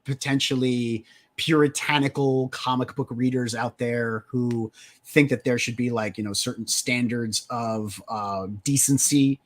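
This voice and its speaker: A man co-hosting a casual livestream chat, animated and swearing, swinging between loud asides and mumbled trailing lines. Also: mid-range voice, measured pace. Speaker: livestream co-host.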